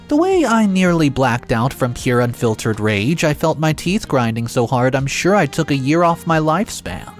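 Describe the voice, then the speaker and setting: A man narrating a dramatic first-person story in a sarcastic, exasperated and animated way. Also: mid-range voice, moderate pace, few pauses, faint music behind.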